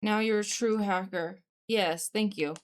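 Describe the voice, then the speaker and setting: A woman's voice: medium pitch, measured pace, a little hiss or hum. A woman streaming live, chatting casually and talking straight to her viewers at a home desk microphone. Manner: chatty, talks straight to viewers, reacts to chat.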